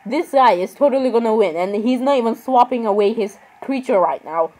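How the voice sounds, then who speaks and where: Rambling young woman with a higher voice. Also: animated, a little fast, dark tone, low-quality recording. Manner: rambling, exasperated, keeps apologizing. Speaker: gaming vlogger. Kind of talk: casual gaming commentary.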